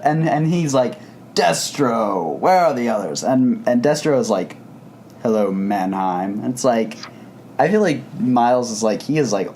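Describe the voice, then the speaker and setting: There's a little hiss or hum behind this mid-range, mellow male voice. He co-hosts a podcast and chats about comic books in a casual, enthusiastic ramble, with frequent restarts.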